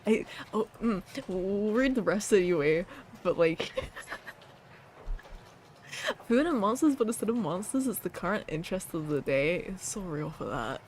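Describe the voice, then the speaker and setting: A woman's voice: medium pitch, animated, moderate pace, a little mellow, a little hiss or hum. A woman streaming casually, reading viewer submissions aloud and repeating words with a playful laugh.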